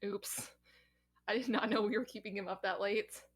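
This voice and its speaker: A woman's voice: mid-range voice, steady tone, moderate pace, a crowd in the background. A woman playing in a tabletop role-playing game, giggly and self-deprecating. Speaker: player.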